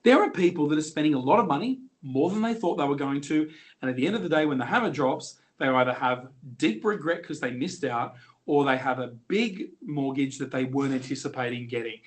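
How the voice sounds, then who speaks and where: Confident, joking auctioneer. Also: male voice, fairly high pitch, lively intonation, fairly quick. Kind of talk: storytelling in an interview.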